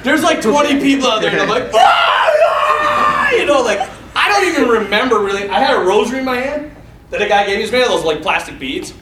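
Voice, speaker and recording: A man telling a story in casual talk, animated, laughing often and acting out the voices of the people in it. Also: extremely high pitch, quick pace, shouting, distant mic. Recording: echoey room, off mic, faint noise.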